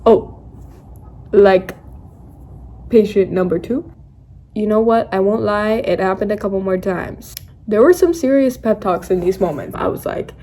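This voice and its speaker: A woman's voice: mid-range voice, moderate pace, mellow. A young woman vlogging, telling a story in a casual, dramatic, self-mocking way and acting out her own quotes. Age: young adult.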